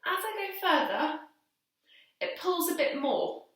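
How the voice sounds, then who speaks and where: Her pitch is extremely high and her delivery animated yet measured, with a fairly bright tone. This young primary school PE teacher coaches kids through exercises at home, counting out loud and offering encouraging steps while a little winded from doing them too. The sound comes from a distance in a very echoey hall.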